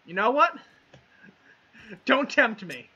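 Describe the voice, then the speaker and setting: A man streaming a game in casual chat with friends, excitable and given to yelling and swearing. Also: very high voice, slow pace, husky, dull audio.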